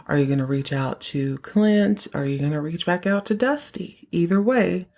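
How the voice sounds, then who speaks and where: A woman hosts a casual recap podcast, her voice sitting a little low. She talks in a chatty way and drops playful asides into the story. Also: normal speed, creaky, a little mellow. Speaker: podcast host.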